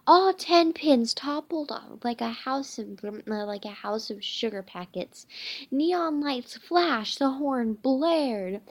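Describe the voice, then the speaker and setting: A woman reads a children's storybook aloud at a slow pace, stumbling and going back over words with many "uh"s. Her voice sits a little high. The reading stays unhurried throughout. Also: lively intonation. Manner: halting, many slips and restarts with "uh". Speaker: reader.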